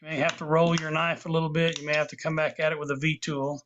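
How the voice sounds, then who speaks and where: A man's voice: fairly high pitch, monotone, quick pace, a bit bright, slight background noise. A man teaching a woodcarving class online, patiently explaining each step as he works, with small asides to his students. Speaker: woodcarving instructor. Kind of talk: live online class demonstration. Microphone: video call. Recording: dull lo-fi video call audio.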